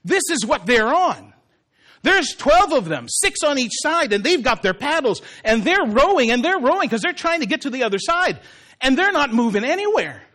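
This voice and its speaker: A man's voice: extremely high pitch, sing-song, moderate pace, bright, forceful tone. A male pastor preaching a sermon, telling the story with humor and acted-out voices.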